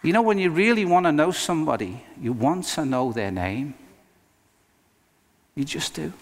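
A male pastor preaching a sermon in an earnest, emphatic way, with dramatic pauses. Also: a little high, animated. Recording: long reverb of a hall.

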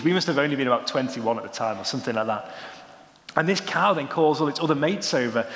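A man's voice: fairly high pitch, fast. Man preaching in an echoey hall. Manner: animated storytelling, rising excitedly when joking. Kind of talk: sermon. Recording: roomy hall with long reverb.

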